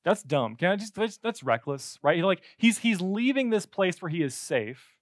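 Animated, joking male preacher. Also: sits high, moderate pace, no echo, clean studio sound. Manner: animated, conversational, jokey asides. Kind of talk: sermon.

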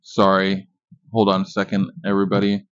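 A man's voice: sits low, completely flat delivery, fairly quick, smooth, no echo. A man in his thirties hosting a podcast, giving a casual, profane and jokey movie review monologue full of boasts. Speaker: podcast host. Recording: dull lo-fi dry recording.

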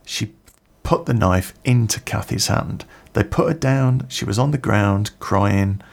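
A man's voice: lowish voice, measured pace, gravelly. A man quoting a blunt young woman. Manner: blunt, matter-of-fact gossip. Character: blunt young woman dog walker in a park.

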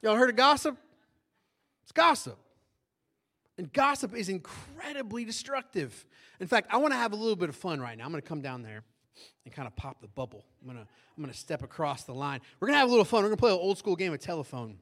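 A male pastor preaching a sermon in a church, animated and often asking the congregation questions. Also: high voice, fast. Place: church sanctuary.

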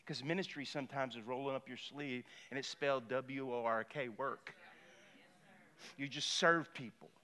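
A man's voice: mid-range voice, moderate pace. A middle-aged male pastor preaching a sermon, telling stories animatedly and acting out the people in them. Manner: animated storytelling, acting out voices.

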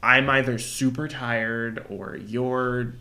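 A young man co-hosting a casual podcast, his voice at an ordinary middle pitch. He rambles through his points, hesitating and restarting often. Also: fairly even intonation, creaky, sharp tone. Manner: rambling, halting with many fillers and restarts. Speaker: podcast co-host. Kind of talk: casual chat.

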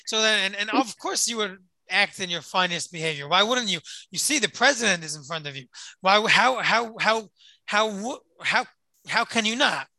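A man giving a Torah lesson and telling a story, pausing and repeating words often. His voice is piercingly bright. The recording is dry and close. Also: sits high, expressive, no room sound, rough recording. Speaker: Torah teacher.

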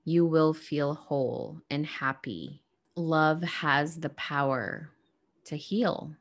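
A woman hosting a reflective spiritual monologue, speaking gently and earnestly to her listeners. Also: sits low, slow. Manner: gentle, soft-spoken, earnest.

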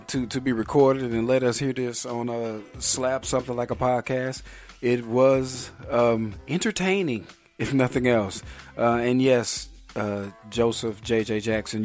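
A man hosting a podcast, chatting casually and jokingly, with frequent ums and uhs. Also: mid-range voice. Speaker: podcast host.

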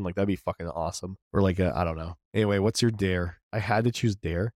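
A man's voice: low voice, fairly even intonation, fast talker, few pauses, a little mellow, no room sound, clean studio sound. A tired man co-hosting a stream, chatting casually in a rambling, profane way with lots of restarts. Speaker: podcast co-host.

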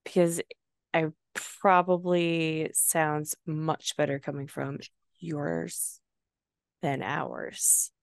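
A woman from the US Midwest, co-hosting a casual book podcast, playful and quick to drift off topic. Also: low-pitched, level tone, creaky, no room sound, clean studio sound. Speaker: podcast co-host reading a book aloud. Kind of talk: casual book-club chat and reading aloud.

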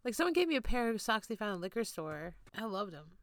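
A woman co-hosting a podcast in casual chat, animated and emphatic, swearing freely. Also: mid-range voice, fast talker, dry recording, clean studio sound. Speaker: podcast co-host.

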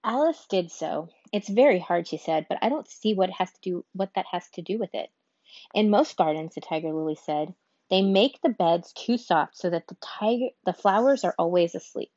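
A woman reading a children's storybook aloud, unhurried, now and then stumbling and restarting a word. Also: on the low side, darkish tone, no echo, dull audio. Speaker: reader.

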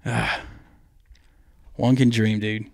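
A man's voice: fairly low pitch, level tone, slow, gravelly, no echo. A man co-hosting a podcast in crude, rambling comedic banter, swearing and laughing often. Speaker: podcast co-host.

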